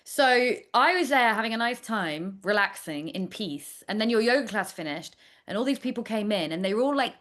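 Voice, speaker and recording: A woman's voice: medium pitch, lively intonation, normal speed, fairly bright tone. A woman guest in a casual interview, a chatty storyteller who talks in a playful, candid way. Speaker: astrologer guest.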